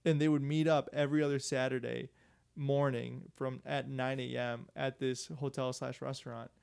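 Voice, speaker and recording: A man's voice: medium pitch, level tone, moderate pace, creaky, darkish tone, clean tone. A man co-hosting a casual podcast, telling a story loosely and profanely with lots of "like" and laughter. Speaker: podcast co-host.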